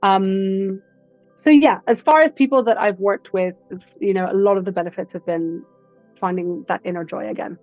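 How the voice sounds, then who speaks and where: Woman breathwork coach, animated storyteller, lo-fi dry recording. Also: mid-range voice, normal speed, dry recording, faint music behind. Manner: animated storyteller who acts out quotes. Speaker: breathwork instructor, guest. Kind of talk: casual interview chat.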